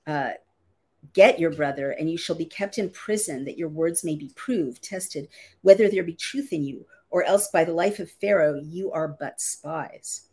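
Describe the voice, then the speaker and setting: A woman reading an old Bible passage aloud and pausing to explain the archaic words in plain modern phrasing. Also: deep voice, mellow, slightly rough. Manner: reads archaic verses, then restates them in everyday words. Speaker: Bible teacher. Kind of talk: reading scripture aloud with plain-language glosses.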